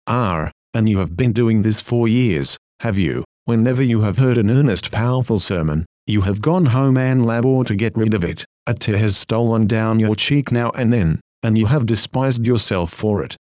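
A man's voice: on the low side, normal speed, hardly any pauses, a little mellow, no room sound, studio quality. A man reading an old-fashioned sermon aloud in a solemn, earnest, pleading manner. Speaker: preacher.

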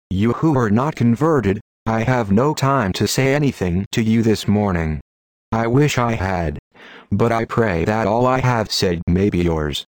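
A man's voice: fairly low pitch, a little mellow, no room sound. A man delivering an old-style sermon as a preacher, fervent, solemn and rhetorical.

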